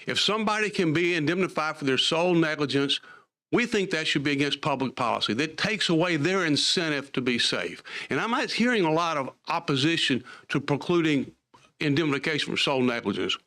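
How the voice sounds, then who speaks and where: A man's voice: fairly high pitch, brisk. Emphatic older man testifying. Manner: animated, emphatic explaining. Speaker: lawyer testifying at a committee hearing. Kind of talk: formal testimony.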